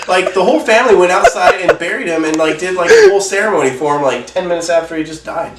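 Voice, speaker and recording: A man telling a story in casual chat, animated and laughing, with plenty of swearing. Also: high-pitched, fast talker. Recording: echoey room, distant mic, faint hiss.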